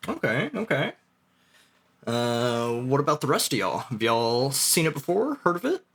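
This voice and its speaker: A man's voice: mid-range voice, normal speed. A man hosting a casual podcast, talking loosely with many uhs as he introduces the topic. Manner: relaxed, filler-heavy delivery with many uhs. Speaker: podcast host. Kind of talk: casual chat, introducing the show.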